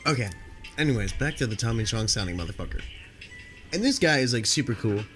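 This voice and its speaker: A man's voice: mid-range voice, lively intonation, fast, a bit bright, soft background music. Sniffly, laid-back storytelling man. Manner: rambling, laid-back, heavy swearing and fillers. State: sniffly from allergies. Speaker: night-shift store clerk telling work stories. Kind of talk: casual storytelling.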